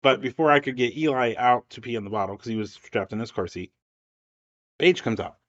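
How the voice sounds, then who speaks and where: A man's voice: mid-range voice, a little fast, highs cut off. A man casually telling a family anecdote on a podcast, acting out the voices of the people in it. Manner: animated, acts out voices in his anecdotes. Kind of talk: casual storytelling.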